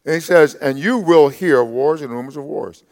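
A man's voice: fairly high pitch, normal speed, a little mellow. A man preaching a sermon as pastor, emphatic and repetitive, calling out to the congregation.

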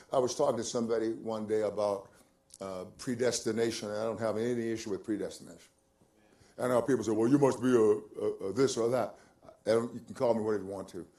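An older male pastor preaching a sermon, moving from soft, musing asides to loud, drawn-out emphasis, repeating phrases and chuckling as he goes. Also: fairly low pitch. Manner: swings from quiet musing to loud, stretched-out emphasis.

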